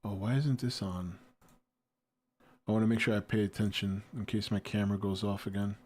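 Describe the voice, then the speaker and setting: A man's voice: on the low side, fairly even intonation, moderate pace, darkish tone. A man in his forties hosting a casual livestream, reading and answering chat with a laid-back, jokey manner.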